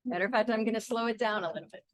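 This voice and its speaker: A woman who works as a therapeutic musician, gently and encouragingly guiding a group through a breathing exercise and talking about her work. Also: fairly high pitch, rapid-fire. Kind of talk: guest talk and leading a group breathing song.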